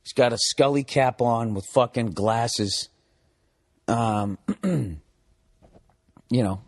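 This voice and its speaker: Taking it slowly, this comedian guest tells a profane comic tale into a studio mic on a podcast. He shifts between low mutters and high, excited rants.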